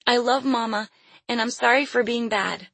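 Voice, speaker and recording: A woman's voice: on the high side, normal speed, vocal fry, fairly bright tone, breathy edge, dry recording, pitched above the performer's own voice, exaggerated voice. A woman voicing a frightened little girl who prays desperately in a pleading, tearful way.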